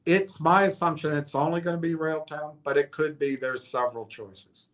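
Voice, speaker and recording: A man's voice: fairly high pitch, steady tone, moderate pace. A man hosting a stock stream, speculating in a rambling, hesitant way with frequent restarts and fillers. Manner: rambling, hesitant, thinking aloud with many restarts. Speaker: stock commentator. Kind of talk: casual speculative monologue.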